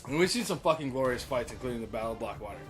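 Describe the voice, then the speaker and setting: A man's voice: medium pitch, animated, rapid-fire, soft background music. A young man co-hosting a casual podcast, ranting and swearing hotly as he recaps a TV episode. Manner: heated, profane, ranting. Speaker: podcast co-host.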